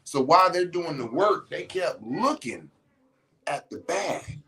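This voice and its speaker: Fairly high-pitched and sing-song, this man's voice runs a little slow with a sharp tone, captured on a low-quality recording. As a podcast host he chats bluntly with listeners, cursing freely, emphasizing points, and restarting sentences while telling stories.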